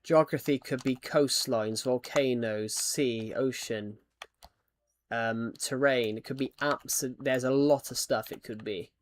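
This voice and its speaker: Male streamer, casual rambling chat, mid-pitched, restarts often. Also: steady tone, slow pace, slight background noise. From United Kingdom. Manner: rambling, many false starts and restarts. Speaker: Minecraft streamer. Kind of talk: casual chat while gaming.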